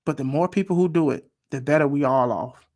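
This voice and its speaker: A man hosting a reaction video in a casual commentary style. He is animated and emphatic, repeats phrases for stress, and calls for amens like a preacher. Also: a little high, fairly quick. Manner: animated, preacher-like call and response.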